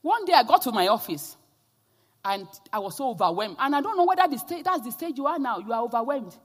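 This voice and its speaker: A woman preaching a sermon and telling her own testimony, swinging from quiet storytelling to loud, impassioned exhortations. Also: a little high, very animated, quick pace. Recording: long hall reverb.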